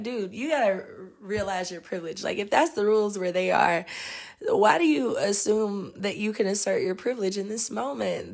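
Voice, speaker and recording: Woman host, casual storytelling, laughs often, animated delivery, mid-range voice. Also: medium pitch. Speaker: podcast host and energetic healer.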